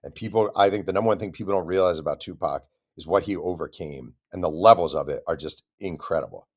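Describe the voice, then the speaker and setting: A man, an author guest on an interview show, telling a long story with lively acted-out quotes. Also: sits low, quick pace. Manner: animated storyteller, acts out quoted voices.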